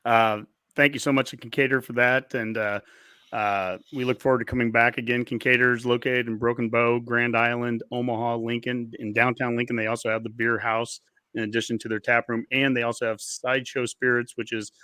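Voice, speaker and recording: A man's voice: medium pitch, level tone, fairly quick, sharp tone, smooth, dry recording, clean studio sound. A man hosting a casual sports podcast with easygoing chat and sponsor plugs. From Nebraska. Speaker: podcast host.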